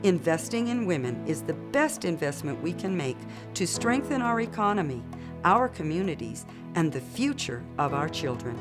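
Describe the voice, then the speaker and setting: A woman giving measured, persuasive scripted documentary narration. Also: lowish voice, very animated. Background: guitar music.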